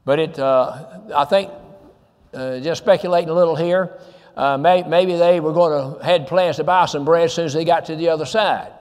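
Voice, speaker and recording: A man's voice: on the high side, moderate pace, a little mellow, long reverb tail. A man preaching a sermon earnestly, asking rhetorical questions and quoting scripture.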